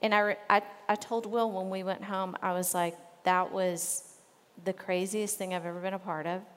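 A woman's voice: mid-range voice, steady tone, normal speed, fairly bright tone. Woman chatting earnestly about marriage and faith, um's everywhere, long reverb on the voice. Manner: earnest, conversational, with fillers. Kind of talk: casual ministry talk on marriage.

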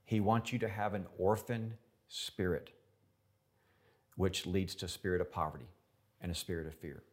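Low-voiced man preaching emphatically. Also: moderate pace. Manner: emphatic, repeats words for effect. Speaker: pastor. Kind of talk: sermon.

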